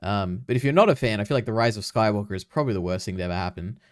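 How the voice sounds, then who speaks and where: A man's voice: lowish voice, animated, rapid-fire, clear, resonant tone, no echo, clean studio sound. A man co-hosting a casual movie chat, talking hesitantly with lots of fillers and trailing hedges. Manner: hesitant, many fillers and restarts. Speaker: podcast co-host.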